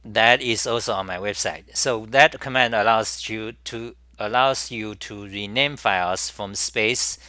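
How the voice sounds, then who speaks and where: A man walks through a live software demo, speaking slowly and stopping often to restart and repeat himself. His voice sits a little low but comes across bright and forward. The recording is dry, with no room sound. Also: no room sound. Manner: halting, repeats words and restarts while working. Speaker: programming tutorial host.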